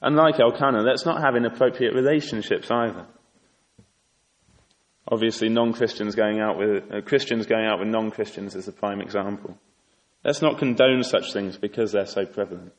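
A man's voice: on the low side, steady tone, moderate pace. A man preaching a sermon in an earnest, exhorting way, asking rhetorical questions. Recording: echoey hall with long reverb.

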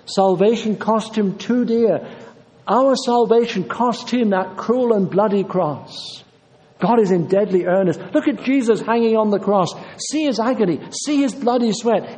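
Here a man from Yorkshire, England gives a sermon at a moderate pace, his high voice mellow and warm. Insistent and earnest, he repeats his points to hammer them home, and every word hangs in the long reverb of what sounds like a big church hall.

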